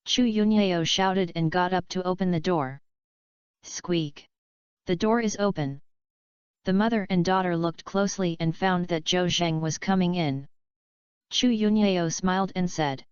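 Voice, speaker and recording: A woman narrating a novel audiobook in a plain, even reading manner. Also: fairly low pitch, normal speed, clear, resonant tone, no echo, lo-fi sound.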